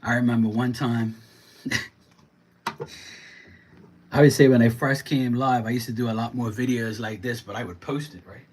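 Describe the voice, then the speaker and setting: A man's voice: medium pitch, steady tone, normal speed, pauses often, darkish tone, a little hiss or hum. A man livestreaming from his home kitchen, chatting casually and ranting bluntly while he cleans up and preps lobsters. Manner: blunt, ranting, swears freely.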